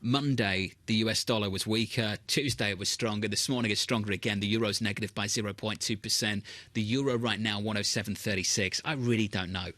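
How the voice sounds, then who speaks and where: A man hosting live market news, brisk and briefing-like, moving from headlines to questions. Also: on the low side, fairly even intonation, bright, forceful tone, dry recording. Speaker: news host.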